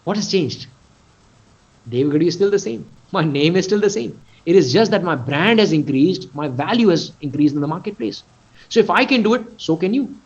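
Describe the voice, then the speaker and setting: A man's voice: high-pitched, animated, normal speed, husky. A man with an Indian English accent giving a motivational webinar talk as a mentor, emphatic and repeating phrases for stress. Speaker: mentor and coach. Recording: lo-fi webinar audio.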